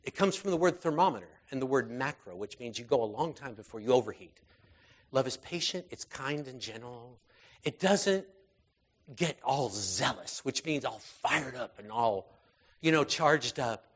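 A man preaching an informal sermon in a conversational way, full of fillers and restarts, moving between raised intensity and quiet, soft passages. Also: mid-range voice, lively intonation, moderate pace.

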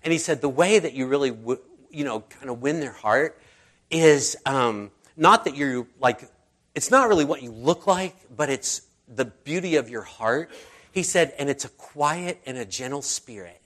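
A man's voice: mid-range voice, lively intonation, moderate pace, a bit bright. A man preaching a casual sermon, telling personal stories in a chatty, conversational way and acting out the people he quotes. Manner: chatty storyteller, acts out quoted voices. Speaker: pastor.

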